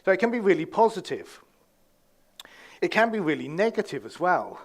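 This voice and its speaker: Chatty preacher, somewhat high voice. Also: male voice, very animated, normal speed. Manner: conversational, with frequent fillers and restarts. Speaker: pastor. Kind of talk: sermon.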